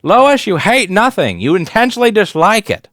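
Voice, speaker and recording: A man voicing an elderly male boss with a Southern US accent, who speaks in a slow, emphatic, scolding way. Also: sits high, sing-song, fairly bright tone, no echo, clean studio sound, voice pushed up, exaggerated voice.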